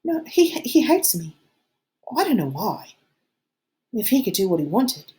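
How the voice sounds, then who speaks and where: A woman voicing an anxious, fussy schoolboy who frets and pleads in a high, squeaky voice, reading an audiobook. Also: sing-song, measured pace, a little mellow. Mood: plaintive.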